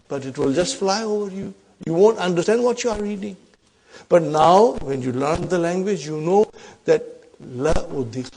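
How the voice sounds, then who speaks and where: A man teaching an Arabic grammar lesson in English, quoting verses quickly and often asking the class "huh?" to check they follow. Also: high voice, a little mellow, breathy edge. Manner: recites Quranic Arabic quickly, then explains in English.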